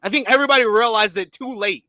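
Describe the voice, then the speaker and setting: A man co-hosting a wrestling review podcast, talking casually and getting animated when excited. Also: high voice, quick pace, no echo.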